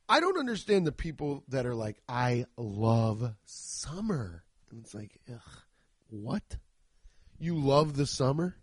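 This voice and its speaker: A man's voice: on the high side, no room sound. A man hosting a podcast, ranting casually and comically with lots of swearing and rambling asides. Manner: profane, rambling, animated. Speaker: podcast host. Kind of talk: casual comedic rant.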